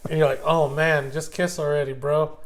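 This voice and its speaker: A man with a Californian accent co-hosting a podcast in casual chat, animated and swearing as he retells movie scenes. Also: fairly high pitch. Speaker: podcast co-host.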